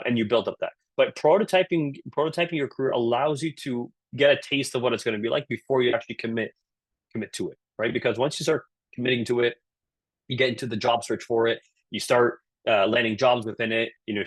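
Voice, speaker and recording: A man with a Canadian accent giving a live online career talk, energetic and peppering his points with "right?". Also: mid-range voice, no echo. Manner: energetic, frequent "right?" tag questions. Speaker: career speaker at a virtual session.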